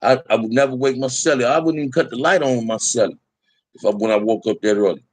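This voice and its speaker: A man's voice: mid-range voice, quick pace, dry recording. Man, middle-aged, street slang, candid storytelling, mid-range voice, dry close sound. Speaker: podcast guest telling prison stories. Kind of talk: casual storytelling to a live chat.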